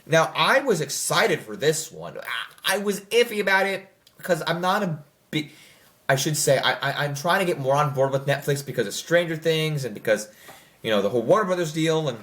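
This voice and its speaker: Animated young adult rambling film reviewer. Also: mid-range voice, brisk. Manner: animated, rambling, with frequent fillers and self-corrections; does mocking quoted voices. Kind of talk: casual movie review commentary.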